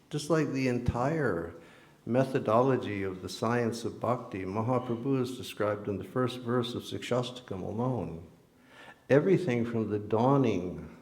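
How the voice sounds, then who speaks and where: A man's voice: mid-range voice, darkish tone. A man giving a temple sermon, telling a personal story and acting out the voices of the people in it. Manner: storytelling, acting out quoted dialogue. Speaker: temple lecturer. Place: temple hall. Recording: echoey hall.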